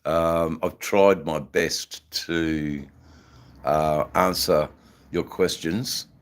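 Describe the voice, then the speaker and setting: Australian male streamer, deep and slow, halting laid-back chat full of slang. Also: steady tone. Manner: smoking while talking. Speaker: livestream host. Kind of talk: casual live-stream chat.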